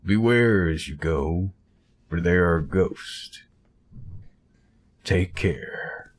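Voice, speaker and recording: A man's voice: deep voice, a little hiss or hum, pitched below the performer's own voice. A man putting on a grave Southern forest god. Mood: solemn. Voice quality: solemn, archaic speech. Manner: slow, grave pronouncements. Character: man in costume posing as a solemn forest god. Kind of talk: reading game dialogue aloud.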